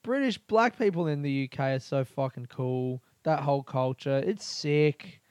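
A man's voice: a little high, moderate pace, darkish tone, smooth, no echo. An Australian man hosting a casual solo podcast from a small bedroom, rambling, swearing freely and laughing often. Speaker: podcast host.

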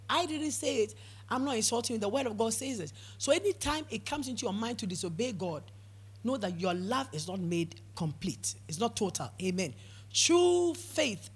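A woman's voice: mid-range voice, slightly rough. A woman preaching a sermon, emphatic, with frequent amens and repeated words for stress.

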